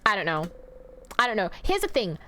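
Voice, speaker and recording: A woman's voice: medium pitch, sing-song, brisk, slight background noise. A woman streaming a video game, reading its dialogue aloud and swearing at the screen. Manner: profane, loud outbursts at the screen. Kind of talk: casual game stream commentary.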